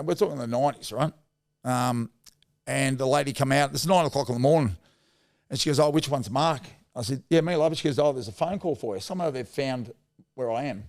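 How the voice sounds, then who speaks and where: This Australian-accented man in his fifties, once a rugby league footballer, speaks in a creaky, medium-pitched voice. As an interview guest in a relaxed setting, he tells blunt stories in a laddish style, heavy on slang and cursing.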